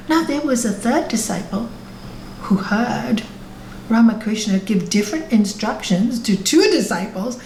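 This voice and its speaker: A woman giving a spiritual talk and telling a parable, slow and emphatic, checking in with her listeners, over a video call. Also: on the high side, lively intonation, a little mellow, echoey room, a little hiss or hum, poor audio. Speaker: spiritual teacher.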